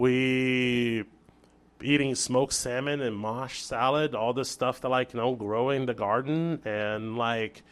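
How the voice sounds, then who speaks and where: A man from Brazil, a chef guest on an interview show, telling a story in casual chat with lively restarts and acted-out dialogue. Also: mid-range voice, slow pace, clean tone. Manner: animated storyteller, acts out quoted dialogue, many restarts.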